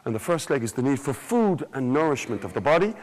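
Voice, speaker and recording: An Irish storyteller gives an animated, theatrical conference talk to a live audience, joking and quizzing the crowd. His voice sits in the mid range and moves at a quick pace, though the recording quality is low.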